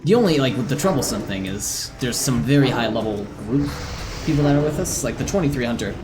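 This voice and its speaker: Lively, chatty live game streamer. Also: medium pitch, a little fast, over a noisy crowd. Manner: chatty, talks to teammates and chat while playing. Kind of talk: live gameplay commentary, chatting with viewers.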